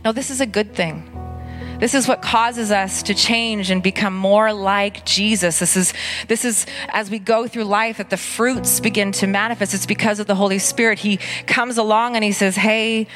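A woman pastor preaching an earnest, conversational sermon at a church service, with dramatic pauses. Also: medium pitch, fairly even intonation, fairly bright tone, faint music behind.

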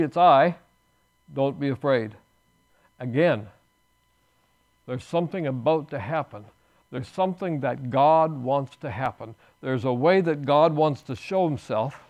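A man's voice: mid-range voice, darkish tone. A man pastor preaching a sermon in church, earnest, with restarts and emphatic bursts.

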